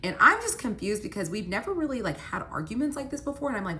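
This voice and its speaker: A woman's voice: fairly high pitch, sing-song, fast talker, sharp tone, a little hiss or hum. A young woman casually telling a personal story, chatty and full of "like" fillers. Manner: chatty, many "like" fillers, upset retelling.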